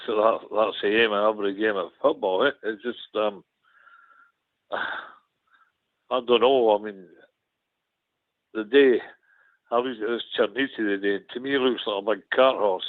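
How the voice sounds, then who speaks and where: Scottish male pundit, grumbling frank take, low voice, tinny dry phone line. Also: no echo. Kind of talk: casual football phone-in chat.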